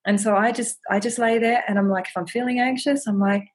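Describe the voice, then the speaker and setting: A woman speaking as a podcast guest, sharing her practice in a gentle, earnest, reflective way and often repeating words as she thinks. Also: fairly high pitch, steady tone, brisk, breathy edge. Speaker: podcast guest, ceremony holder.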